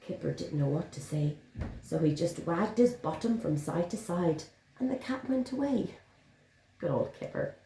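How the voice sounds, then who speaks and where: A woman teaching young children and reading them a picture book, encouraging and sing-song. Her pitch swoops up and down expressively, and the room gives a clear echo. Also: expressive, moderate pace, mellow, slight background noise. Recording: roomy echo.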